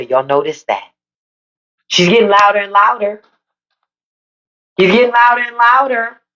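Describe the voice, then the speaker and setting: Woman on a live stream talking to y'all, animated pitch, kinda dull lo-fi audio. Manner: playful, laughs often, talks to viewers as y'all. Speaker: podcast host on a live stream. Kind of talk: casual livestream commentary.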